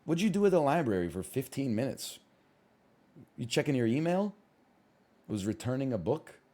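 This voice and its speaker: A man streaming live, chatting casually while he plays a game, rambling and often rising to loud outbursts. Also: medium pitch, sing-song, normal speed.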